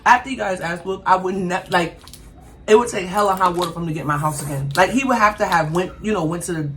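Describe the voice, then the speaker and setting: A woman chats casually with her viewers while she eats. She is emphatic and animated and speaks straight to the camera. There is a faint hiss of noise behind her. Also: fairly low pitch, fast, rough recording. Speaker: mukbang host. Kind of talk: casual chat while eating.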